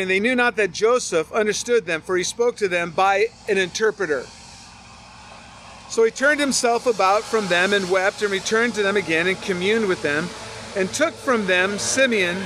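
A man's voice: high-pitched, pushed and bright, a little hiss or hum. A man preaching a Bible study, reading scripture aloud and breaking off into casual asides to his listeners.

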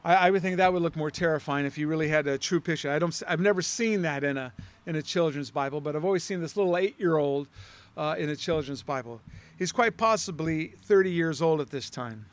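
A man's voice: fairly high pitch, fairly quick. A man teaching a Bible study in a conversational way, putting questions to his listeners.

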